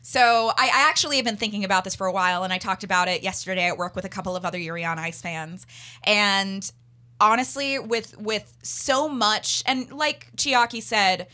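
Bright, bouncy woman podcast host. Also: mid-range voice, normal speed. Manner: rambling, animated, laughs often. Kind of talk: casual podcast review chat.

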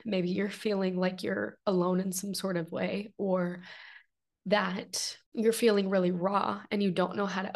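A woman's voice: mid-range voice, gravelly. A young adult woman hosting a podcast, talking in an earnest, heartfelt personal monologue, emotional and close to tears, with many fillers and restarts. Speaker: podcast host.

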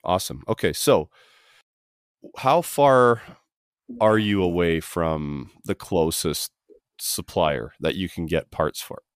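A man's voice: low-pitched, slow, no echo, studio quality. A Canadian man hosting a trade podcast in a chatty, rambling way, often restarting his sentences. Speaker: podcast host. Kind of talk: casual interview. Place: home basement studio.

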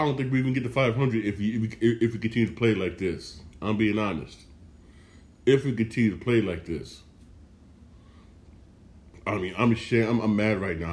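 A man's voice: on the low side, darkish tone. A man hosting a sports podcast, ranting in a frustrated, heated way, cursing and repeating himself. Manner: profane. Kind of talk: casual sports rant.

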